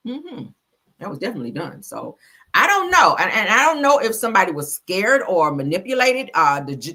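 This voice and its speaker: Woman, commentary host, blunt, profane, lively pitch, bright voice. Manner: animated, blunt, profane, addresses viewers directly. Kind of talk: casual news commentary.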